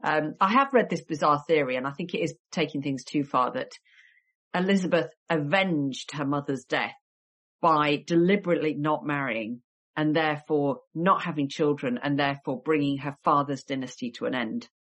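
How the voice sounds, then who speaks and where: A woman's voice: low voice, normal speed. A woman historian with a cold, telling stories in a chatty podcast interview with wry asides. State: has a cold. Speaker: guest historian and author.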